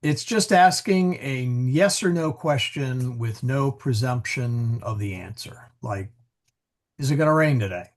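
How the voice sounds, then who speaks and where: A man's voice: medium pitch, expressive, measured pace. A man teaching a Latin class, explaining grammar as he thinks aloud, with many fillers and restarts.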